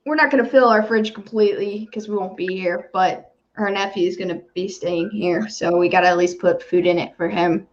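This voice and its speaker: A woman co-hosting a casual sports chat, animated, swearing freely and laughing often. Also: lowish voice, normal speed, few pauses. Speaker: podcast co-host. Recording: dull lo-fi sound.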